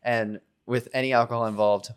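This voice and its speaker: Guy rambling through his thoughts on a podcast, mid pitched, loose and wandering. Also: fairly even intonation, a little fast, smooth. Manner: rambling, thinks aloud, trails off often. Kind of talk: casual conversation.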